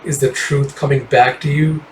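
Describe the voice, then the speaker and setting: A man voicing an ancient, brooding male monster god, speaking slowly in a hushed, heavy way. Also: medium pitch, fairly even intonation, recorded from a distance, slight background noise, lightly acted, poor audio.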